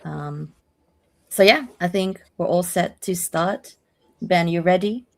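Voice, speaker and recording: A woman with a hosting a casual online community call, upbeat and quick to laugh, with fillers. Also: fairly low pitch, a little mellow.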